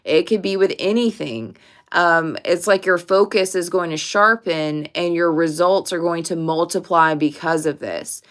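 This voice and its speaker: Speaking to camera, a tarot reader offers her viewers a casual pick-a-card reading, unhurried, direct, emphatic, and freely profane. Her voice is smooth, clear, and lowish for a woman.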